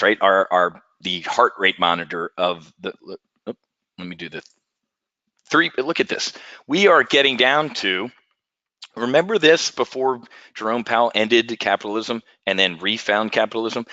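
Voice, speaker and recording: A man hosting a live trading webinar, talking in a folksy, jokey, animated patter. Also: medium pitch, no room sound, lo-fi sound.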